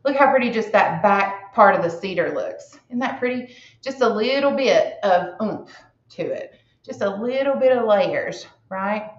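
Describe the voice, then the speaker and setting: A woman's voice: medium pitch, animated, a little slow. A middle-aged woman talking through a craft demonstration in a chatty, rambling, folksy way, checking in with her viewers as she works. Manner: chatty, rambling, folksy, says "hon" and "right?". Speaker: craft instructor. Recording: echoey room, slightly dull sound.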